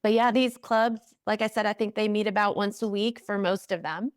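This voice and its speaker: A woman answers interview questions with earnest enthusiasm, laying out details step by step. Her voice sits at a middle pitch. The recording is dry, with no room sound. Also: fairly even intonation, moderate pace, clear, resonant tone, no echo. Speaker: executive director of a math organization, guest.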